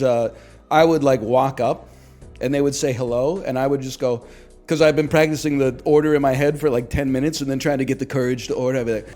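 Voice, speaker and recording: A man's voice: mid-range voice, a little mellow. A man in his thirties telling a rambling, profane, self-deprecating story in casual stream chat. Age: 30s.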